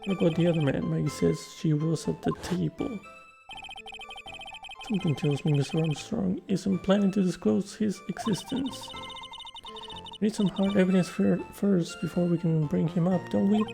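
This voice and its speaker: A man's voice: sits high, steady tone, moderate pace, vocal fry, music in the background. A man hosting a let's play, reading the game's dialogue and commenting in a laid-back, self-deprecating way.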